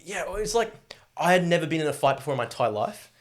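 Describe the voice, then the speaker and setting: Young aussie guy rattling on quick, loose and sweary, lots of "like"s. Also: fairly high pitch, sing-song. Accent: Australian. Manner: rambling, heavy on fillers and swearing. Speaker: guest. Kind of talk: casual storytelling interview.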